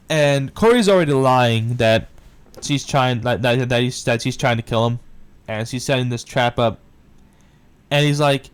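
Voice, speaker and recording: A man casually recapping a film's plot for a review, excitable and quick to swear. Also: mid-range voice, clean tone. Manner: excitable retelling, swears often. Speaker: movie reviewer.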